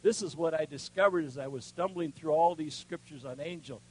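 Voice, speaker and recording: An older man preaching, telling a personal story in a folksy way, dropping to a hush and then rising loud. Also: fairly high pitch, brisk, slightly rough, low-quality recording. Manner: folksy storytelling with strong swings between hushed and loud. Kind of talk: sermon with personal testimony.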